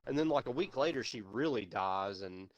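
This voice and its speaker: A young man with a fairly low voice and lively intonation tells a long story while streaming, speaking at normal speed. He rambles, swears, and uses many fillers, and the sound is lo-fi.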